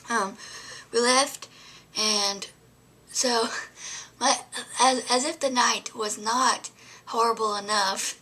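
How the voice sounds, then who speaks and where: A woman's voice: on the high side, fairly even intonation, slow pace, pushed and bright, slightly rough. A young adult woman vlogging, telling a story to camera in a rambling way, full of fillers and often dropping to a whisper.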